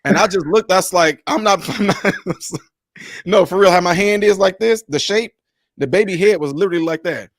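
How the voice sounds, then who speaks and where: A man hosting a livestream, telling stories in a lively, casual way and laughing often. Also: sits high, normal speed, no echo. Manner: animated storyteller, laughs often. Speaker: livestream host.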